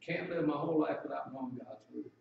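A man's voice: mid-range voice, fast, creaky, very echoey, recorded from a distance, narrow, tinny audio, slight background noise. A man preaching a sermon in a conversational way, asking the congregation questions.

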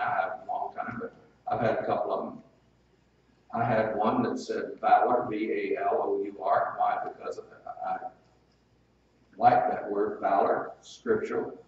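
A man's voice: fairly low pitch, fairly even intonation, normal speed, a little hiss or hum. A male preacher delivering a sermon in a folksy, conversational way, with personal stories and asides. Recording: very echoey, distant, dull hall sound.

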